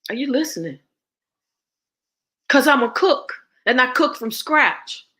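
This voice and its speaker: A woman's voice: sits high, big pitch swings, unhurried, sharp tone. A woman speaking as a guest and ritual teacher, blunt and profane, preaching with rhetorical questions. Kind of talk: impassioned spoken address.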